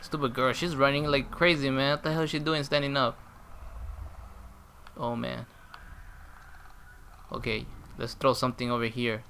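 This is a man narrating his own gameplay as it happens, excitable and chatty with his audience. His voice has a gravelly rasp to it. It sounds bright and pushed forward, with faint noise underneath. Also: medium pitch, normal speed, pauses often. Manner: excitable, reacting aloud and talking to viewers. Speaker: gameplay commentator. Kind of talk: live gameplay commentary.

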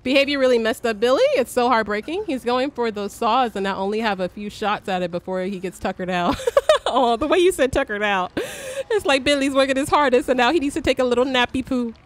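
Young woman streamer, excitable live game commentary, swears, shrieks. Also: a little high, brisk.

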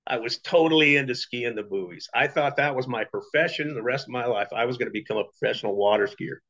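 A man's voice: a little high, fairly bright tone. A middle-aged man telling his personal story in a chatty way, full of fillers and asides. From Las Vegas, Nevada. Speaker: business testimonial speaker. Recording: dull lo-fi recording.

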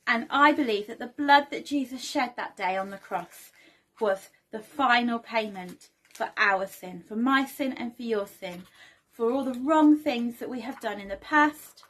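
A young woman presents a storytelling lesson for children in a church setting. Her voice sits slightly high, and her manner is gentle as she asks the children questions and invites them to take part. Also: a little slow.

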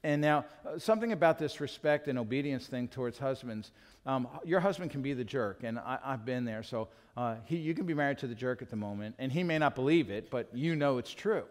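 A man's voice: mid-range voice, animated, fairly quick. A middle-aged man preaching a sermon as a pastor, candid and self-deprecating, acting out little talks with his wife. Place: church sanctuary. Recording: hall reverb from a church.

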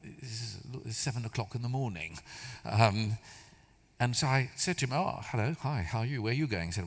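A church speaker delivers a sermon as chatty, conversational storytelling with bits of self-deprecating humor. His medium-pitched voice moves at a moderate pace, with long reverb from a big, echoey hall.

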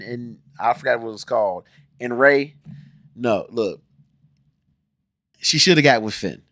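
This 40-year-old American-accented host from Ohio reacts to a music video in a casual clip, alternating between shouted outbursts and quiet muttered comments. He speaks in a mid-range voice, and the sound is clean studio audio without echo.

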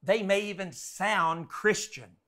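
High-voiced, bright, animated preacher. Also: male voice, slow pace. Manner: animated, acts out quotes. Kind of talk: sermon.

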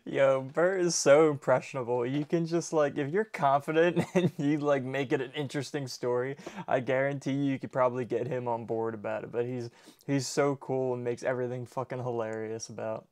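A man's voice: medium pitch, fairly even intonation, a little fast, a little mellow, no room sound. A man hosting a reaction video, chatting casually and with amusement about the clips he watches, swearing freely.

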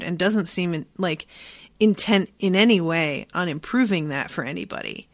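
A woman's voice: fairly low pitch, expressive, normal speed, no room sound. A woman hosting a book podcast, talking casually and frankly with swearing, and reading passages aloud. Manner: frank, profane, conversational with fillers. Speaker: podcast host.

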